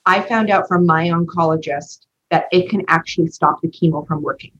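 A woman's voice: deep voice, brisk. A woman co-hosting a podcast in casual chat, telling a personal story with animation and acting out the voices of the people in it. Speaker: podcast co-host. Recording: dull lo-fi podcast recording.

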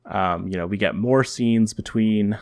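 A man with a low-pitched voice recaps a comic story in casual podcast chat. He thinks aloud, restarts phrases and chuckles now and then. The sound is dry and close. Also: a little slow, gravelly, a little mellow, no echo. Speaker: podcast co-host. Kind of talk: casual comic book discussion.

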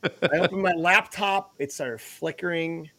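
A man co-hosting a podcast with a slightly high voice, swearing freely through animated, worked-up stories. His talk is casual and crude, and he comes through over a remote call setup. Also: a little slow. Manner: profane, animated storytelling. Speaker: podcast co-host.

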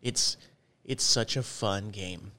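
A man co-hosting a podcast, telling stories in a rambling, animated way. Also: fairly low pitch, slow pace. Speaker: podcast co-host. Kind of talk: casual chat.

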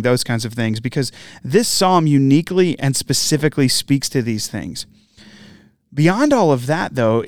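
Smooth-voiced man giving an earnest devotional. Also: medium pitch, no echo, clean studio sound. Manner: earnest, asks listeners questions, often adds "right?". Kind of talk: conversational devotional talk.

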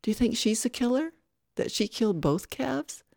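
A reader voicing Clint, a worried young male ranch hand who asks tense, hushed questions. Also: very high voice, lively intonation, normal speed, creaky, no echo, studio quality, voice pushed up, heavily acted. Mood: uneasy.

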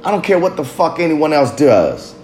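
A man's voice: on the high side, sing-song, normal speed, a little mellow, a little hiss or hum. A father talking in a candid, confessional monologue, blunt and heavy with profanity. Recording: roomy echo.

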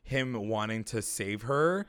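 A man's voice: on the low side, animated, takes it slowly, fairly bright tone, clear, resonant tone. A man co-hosting a podcast, casually recapping a TV episode, acting out characters' lines and swearing freely. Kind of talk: casual chat.

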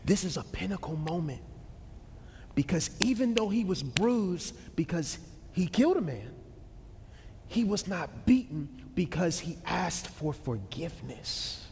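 A man preaching a sermon, telling a story dramatically, with swings between loud peaks and hushed lows, and speaking in a Black American vernacular style. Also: very animated, a little slow, gravelly, slight background noise. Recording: long hall reverb.

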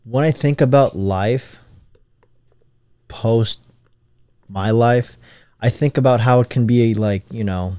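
Podcast host, man, dark low voice, dry close mic, rambling casual talker. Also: smooth, no room sound. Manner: chatty, leans on "like" and "you know", quick questions.

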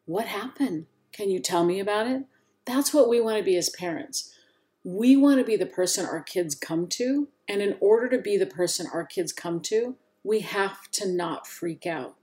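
A woman's voice: medium pitch, lively intonation, moderate pace, mellow. A woman hosting a solo parenting talk, speaking earnestly and encouragingly straight to her listeners. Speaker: parenting podcast host.

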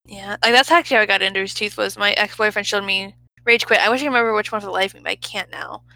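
A woman's voice: mid-range voice, rapid-fire, creaky, bright, forceful tone, dry recording, low-quality recording. A woman in casual chat who swears freely, laughs often and trails off mid-sentence.

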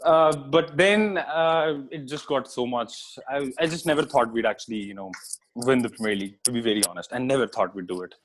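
A man's voice: medium pitch, fairly quick, slight background noise. A man chatting casually as a guest over a remote call, laughing often and rambling through restarts. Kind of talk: casual chat.

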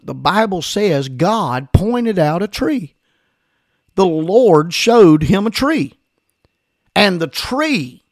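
A man preaching a sermon on his podcast, emphatic, with slow stressed phrases and repetition. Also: fairly high pitch, gravelly, darkish tone, dry recording, clean studio sound.

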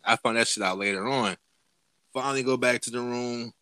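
A man's voice: medium pitch, a little fast, sharp tone, clean tone, no room sound. A man casually telling a profane story to friends on a podcast, acting out the people he quotes with big jumps in his voice. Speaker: podcast host.

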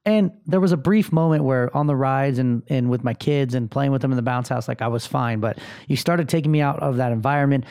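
Gravelly, profane man on a podcast. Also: medium pitch, fairly quick, few pauses, darkish tone. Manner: blunt, profane, rambling with many fillers. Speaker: podcast host. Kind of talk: candid motivational podcast monologue.

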